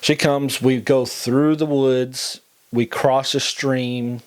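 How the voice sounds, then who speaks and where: A man's voice: mid-range voice, steady tone, takes it slowly, clean tone. A middle-aged man earnestly telling a personal story on a podcast, acting out what people said. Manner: earnest, acts out quoted dialogue. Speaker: podcast host telling his testimony.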